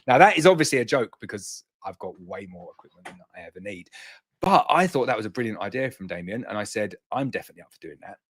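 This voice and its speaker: A man's voice: animated, fast, husky. Chatty man hosting a bee stream. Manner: chatty, rambling, jumps up in pitch to read out names. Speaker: beekeeping livestream host. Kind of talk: casual live chat, reading viewer comments.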